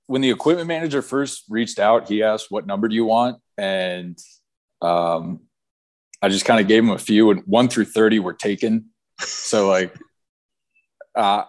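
A young man in his twenties, a pro soccer player, telling his story in a casual interview with lots of fillers. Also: on the low side. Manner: relaxed storytelling with fillers and repeats.

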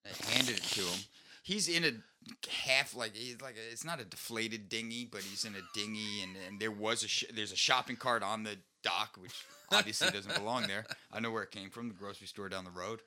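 A man co-hosting a podcast, telling a rambling story in casual chat, swearing freely and jumping his pitch for quoted voices. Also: fairly quick, bright, forceful tone, slight background noise. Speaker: podcast co-host.

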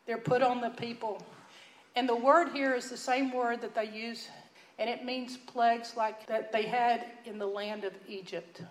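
A woman with a Texan accent preaches in a folksy, earnest storytelling way, often dropping to a hushed tone to stress a point. Her voice sits a little high. The room around her rings with a noticeable echo. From Texas. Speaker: Bible teacher. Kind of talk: sermon storytelling.

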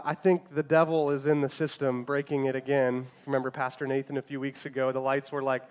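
Lively, joking man preaching. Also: a little high. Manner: casual, joking and animated from the pulpit. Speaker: pastor. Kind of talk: sermon. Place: church sanctuary.

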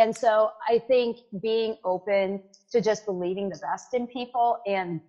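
A woman in her forties from Canada, speaking as a guest in a casual interview. She talks with lively energy in a mid-range voice. The sound is a little dull and lo-fi. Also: mid-range voice, measured pace, few pauses. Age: 40s. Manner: energetic, lively, frequent "like" and "right?". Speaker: guest, tech executive.

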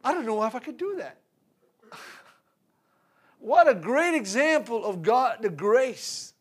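High-voiced man preaching a lively sermon. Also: slow, husky. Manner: animated storytelling with laughs and repetitions.

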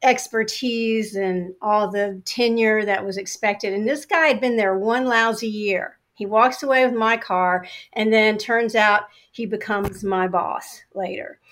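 A middle-aged woman shares a story from her working life as an interview guest. She tells it with energy and acts out her own past replies, at an ordinary mid-range pitch. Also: steady tone, a little slow, hardly any pauses, a bit bright.

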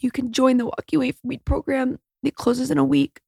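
A woman's voice: high-pitched, level tone, a little fast, creaky, mellow, breathy edge, no echo, clean studio sound. A woman in her thirties hosting a solo podcast, speaking in a raw, candid, emotional way and swearing freely. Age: 30s. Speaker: podcast host.

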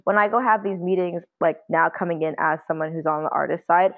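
A woman musician as an interview guest, speaking candidly and thinking out loud with fillers. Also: on the low side, fairly quick. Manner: candid, talks through points with fillers. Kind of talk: interview conversation. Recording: tinny phone-like line.

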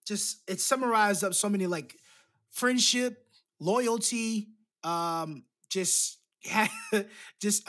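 A man chatting casually about a movie with a co-host. He is animated and quick to laugh. His pitch leaps high when he mimics characters. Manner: animated, acts out quotes with big pitch jumps, laughs often. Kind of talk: casual film discussion.

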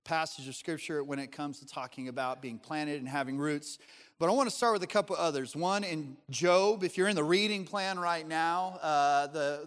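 A man's voice: a little high, a bit bright, smooth, in a large hall. A male pastor preaching a sermon in a conversational, joking way with his congregation in a church. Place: church sanctuary.

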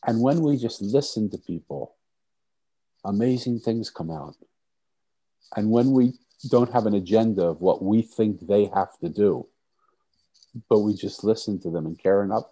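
A man with a notably deep voice speaks as a podcast guest. His tone is dark and mellow, and he tells his stories earnestly and softly, often restarting his sentences. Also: moderate pace, long pauses, slightly rough, low-quality recording. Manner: earnest, repetitive restarts, soft-spoken. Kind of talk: storytelling in conversation.

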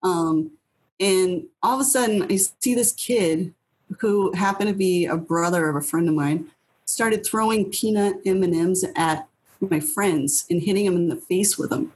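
This guest, a woman in her thirties from New Hampshire, tells casual stories bluntly in an interview, swearing freely and acting out her old lines. Her voice is low, husky, and darkish, with a measured pace, and the audio quality is poor.

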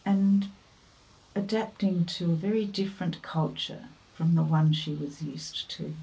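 A woman giving a devotional talk, telling a family story and offering earnest, gentle encouragement. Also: fairly low pitch, unhurried, creaky, rough recording. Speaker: devotional speaker.

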